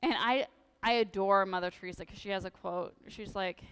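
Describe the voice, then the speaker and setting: A woman priest giving a lively, humorous sermon in a church, full of animated, sarcastic asides. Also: mid-range voice, normal speed, clear, resonant tone, in a large hall. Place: church sanctuary.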